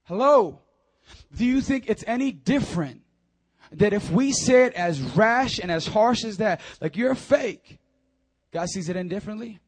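A man pastor preaching a sermon, animated, swinging between loud urging and quiet, close talk, with repeated calls like "come on now.". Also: sits high, normal speed.

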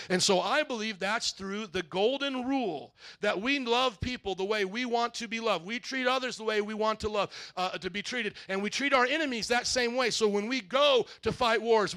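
A man pastor preaching a sermon, swinging from loud emphatic shouts to soft asides. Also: high voice.

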